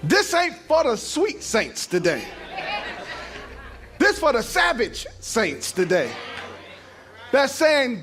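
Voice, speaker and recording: High-voiced preacher man building to shouts. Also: big pitch swings, slow, soft background music, some chatter behind. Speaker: pastor. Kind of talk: sermon. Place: church sanctuary.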